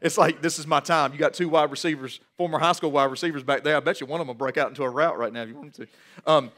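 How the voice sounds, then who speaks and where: A man in his forties preaching a sermon as pastor, animated and repeating words as he builds each point. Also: on the high side, fast.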